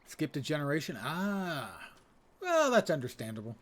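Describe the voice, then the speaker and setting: Older man, game streamer, casual chat, dry humor, slightly high voice. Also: wildly swooping pitch, normal speed. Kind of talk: casual chat while playing.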